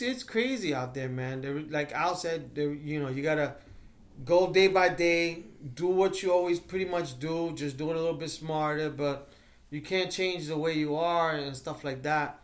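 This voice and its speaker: A man's voice: on the high side, normal speed. A man hosting a podcast in loose, rambling casual chat, full of fillers and swearing. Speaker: podcast host.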